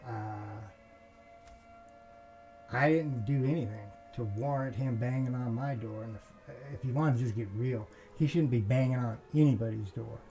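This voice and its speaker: A man's voice: mid-range voice, moderate pace, dark tone, low-quality recording. A man talking straight to the camera, telling a long story about a neighbor in a rambling, aggrieved way, with restarts and swearing. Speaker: vlogger. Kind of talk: casual storytelling monologue.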